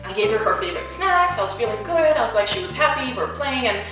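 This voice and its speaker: A woman's voice: on the high side, sing-song, fast. A woman vlogger telling a storytime vlog in a chatty way, full of fillers. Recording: echoey room, distant mic, faint music.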